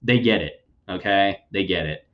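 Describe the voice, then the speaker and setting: A man's voice: deep voice, normal speed, roomy sound, dull audio. A man hosting a podcast, giving blunt, sarcastic news commentary and swearing freely. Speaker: podcast host.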